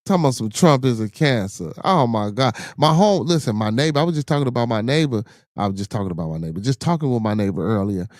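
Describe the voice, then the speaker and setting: Chicago man host, loose profane rambling talk, warm tone, dry mic. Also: medium pitch, expressive, fast talker, no room sound. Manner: loose, profane, repeats himself, many restarts. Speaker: podcast host reading viewer comments. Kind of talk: casual livestream chat.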